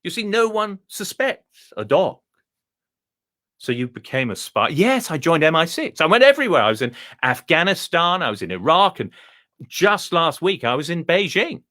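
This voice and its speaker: A man's voice: on the high side, very animated, moderate pace, bright, forceful tone, pitched above the performer's own voice. A man voicing a clever, upper-class male talking dog with a plummy, self-satisfied manner. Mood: smug.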